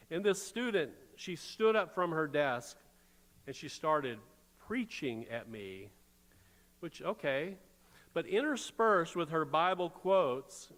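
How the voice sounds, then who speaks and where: Male pastor with a slightly high voice and a conversational, wry delivery, preaching in a church with long reverb. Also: a bit bright. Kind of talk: sermon. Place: church sanctuary.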